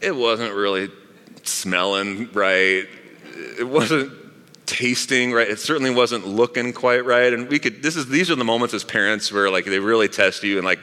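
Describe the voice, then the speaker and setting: A man's voice: fairly low pitch, normal speed, pushed and bright. A middle-aged man, a pastor, preaching a sermon in a chatty way, with asides to the congregation. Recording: long reverb of a large hall.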